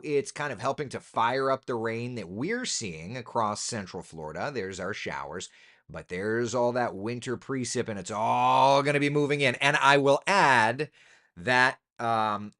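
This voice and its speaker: A man, a TV meteorologist, chatting casually through the weather, relaxed and talkative with asides and fillers. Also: medium pitch. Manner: relaxed, chatty, thinking aloud with ums and asides.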